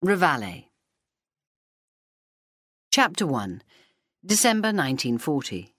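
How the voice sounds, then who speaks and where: A woman reading an audiobook novel aloud in a steady, measured way into a close mic. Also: deep voice, dry recording. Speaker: audiobook narrator. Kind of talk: scripted narration. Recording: dry studio sound.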